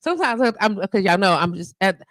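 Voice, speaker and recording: A woman's voice: medium pitch, expressive, a little fast, no room sound, low-quality recording. A woman in her fifties hosting a live radio show from home, chatting casually and emphatically with lots of slang. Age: 50s. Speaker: show host. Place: home studio. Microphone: handheld mic at home.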